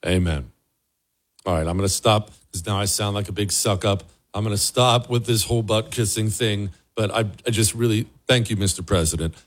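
A man with a fairly low voice talks straight to his listeners in casual commentary, earnest and emphatic. He leans on repetition to drive points home and keeps a conversational, chatty flow. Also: brisk. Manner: emphatic, repeats words for stress, chatty and earnest. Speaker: show host.

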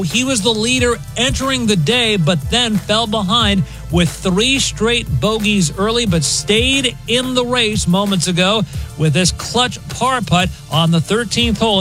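A man anchoring a sports news update on a talk show, brisk and joking. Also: high-pitched, fairly bright tone, rough recording. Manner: brisk, joking, briefly puts on a mock British accent.

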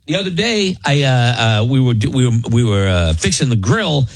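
A man's voice: mid-range voice, very animated, normal speed. A middle-aged man hosting a radio show, telling rambling, self-mocking stories full of restarts and oaths. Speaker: radio host. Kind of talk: casual radio banter.

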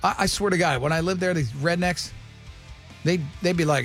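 A man's voice: a little high, normal speed, fairly bright tone, faint music behind. A middle-aged man hosting a radio talk show, joking and bantering with his co-hosts. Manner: joking, does mocking voices of others. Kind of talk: casual banter.

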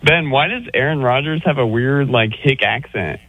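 Man, radio caller, teasing, joking, husky, phone-line sound. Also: mid-range voice, normal speed, dry recording. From Southern California. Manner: needling, joking, laughs at own jokes. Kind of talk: call-in radio banter.

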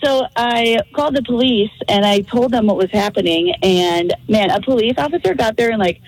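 Woman caller, breathless self-mocking story, husky higher voice, dry sound. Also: moderate pace, no echo, poor audio. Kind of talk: phone-in storytelling.

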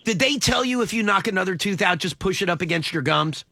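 Gravelly bright-voiced radio host man. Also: high voice, expressive, no echo. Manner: joking, rambling, quick asides. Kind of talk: casual morning radio banter.

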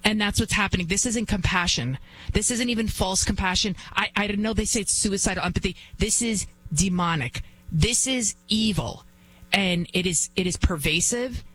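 A woman's voice: medium pitch, brisk, fairly bright tone, soft background music, low-quality recording. A woman filling in as a talk radio host, giving an emphatic, indignant monologue with lots of repetition.

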